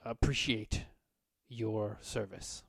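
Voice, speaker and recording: A man voicing a formal human army commander who speaks with measured gravity in a tabletop game. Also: on the low side, steady tone, creaky, no room sound, clean studio sound, full character voice. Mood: solemn.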